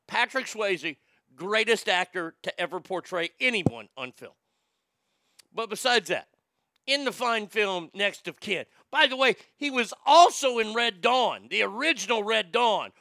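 A man's voice: high voice, bright, forceful tone, no echo, clean studio sound. A man ranting casually about movies, profane and rambling, reading out viewer comments as he goes.

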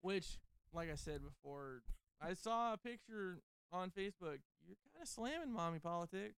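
A man's voice: high voice, lively intonation, normal speed, fairly bright tone, smooth, no echo. A man co-hosting a podcast, rambling through crude casual banter full of swearing and laughter. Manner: profane, rambling, laughs often. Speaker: podcast co-host.

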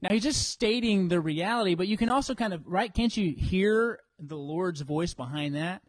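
A man preaching a sermon in an animated way, acting out what people think in church. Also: high voice, normal speed, no room sound. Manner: animated, acts out congregants' inner voices. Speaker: pastor.

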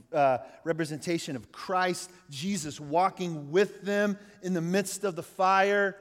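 Man, middle-aged, pastor, conversational sermon, high voice, long church-hall reverb. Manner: conversational preaching, asks the congregation questions.

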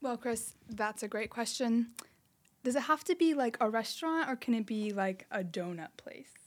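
A woman's voice: on the high side, animated, moderate pace. A young woman telling a personal story on a podcast in a chatty way, with lots of filler words. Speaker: podcast guest.

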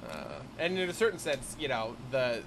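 A man co-hosting a casual podcast chat, animated and quick to laugh. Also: medium pitch, vocal fry, background noise. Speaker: podcast co-host.

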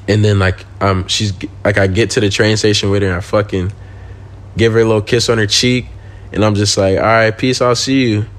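A man's voice: fairly low pitch, level tone, normal speed, long pauses. A young man, a podcast guest, telling a story in casual, slangy speech full of swearing and laughing.

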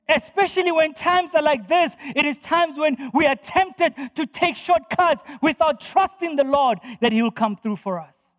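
A man's voice: extremely high pitch, lively intonation, measured pace, in a large hall. A man preaching a sermon as pastor, emphatic and driving home points by repeating his phrases.

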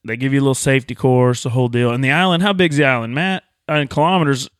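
A man's voice: medium pitch, fairly even intonation, racing, clear, resonant tone, no room sound. Male podcast host, playful yarn-spinner with easy laughs; medium voice, dry studio sound. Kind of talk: casual chat, storytelling.

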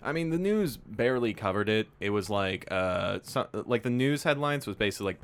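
A man's voice: on the low side, animated, fairly quick, few pauses. A man running a tabletop game as game master, talking casually with lots of fillers.

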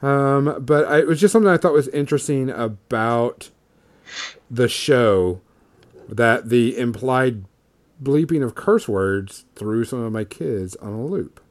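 A man's voice: medium pitch, unhurried. A man in his thirties, a podcast co-host, telling a story in casual chat, rambling with lots of fillers.

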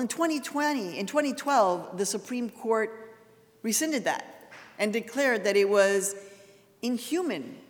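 Woman lecturing in an echoing hall. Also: fairly low pitch. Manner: earnest storytelling, voice rising for emphasis. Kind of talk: public lecture. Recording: long hall reverb.

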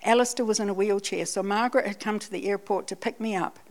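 A woman's voice: mid-range voice, fairly even intonation, quick pace. A Scottish woman giving a sermon, telling a personal testimony in a chatty, self-deprecating way. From Scotland. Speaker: church speaker.

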